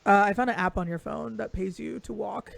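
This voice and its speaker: A woman's voice: medium pitch, a little fast, vocal fry. A young woman co-hosting a casual sports chat stream, bubbly and laughing often, swearing freely. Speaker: podcast co-host.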